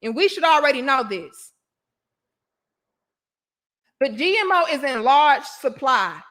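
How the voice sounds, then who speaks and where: Woman host, thirties, high voice, blunt live-stream commentary with a preachy, emphatic delivery. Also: very animated, slow pace, fairly bright tone. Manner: preachy and emphatic, addresses viewers directly as sis and brothers. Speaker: host of a live online talk show.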